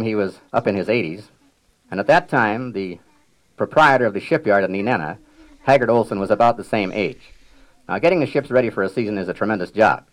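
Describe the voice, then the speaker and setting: Older man, riverboat captain, lowish voice, unhurried reminiscing, dry humor, clears his throat often. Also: rough recording. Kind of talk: reminiscing public talk.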